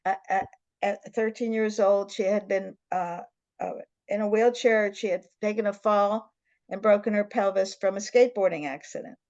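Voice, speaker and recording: A woman's voice: mid-range voice, fairly even intonation, moderate pace, darkish tone, dry recording, highs cut off. Earnest older woman host, dry sound. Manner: earnest, emphatic storyteller. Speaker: interview host. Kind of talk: storytelling in an interview.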